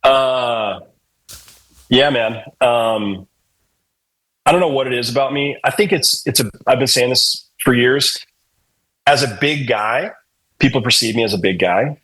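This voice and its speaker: A middle-aged man with a husky, slightly rough voice tells stories in a loose, profane, joking way. He sounds like a guest chatting casually on a podcast, relaxed and unscripted. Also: mid-range voice, measured pace, pauses often, rough recording. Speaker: podcast guest, hardcore vocalist. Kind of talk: casual storytelling interview.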